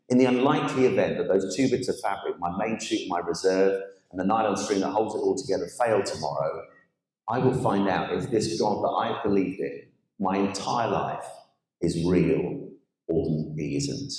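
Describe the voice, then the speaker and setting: A man giving an animated spoken testimony as a guest speaker, now and then acting out the voices of others. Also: sits low. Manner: animated storyteller, acts out quoted voices. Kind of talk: storytelling testimony on stage. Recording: echoey church hall.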